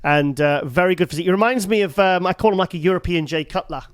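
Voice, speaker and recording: High-pitched guy joking around on a podcast, talks super fast. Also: clear, resonant tone, no echo, studio quality. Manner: rapid, joking, repeats himself. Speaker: podcast co-host. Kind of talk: casual chat.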